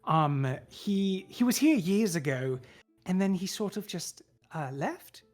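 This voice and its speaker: A woman's voice: fairly low pitch, animated, slow, a little mellow, soft background music, voice pushed up. A woman voicing a chatty, fussy older woman cook who rambles and dotes on children. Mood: fond. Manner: rambling, hesitant, doting.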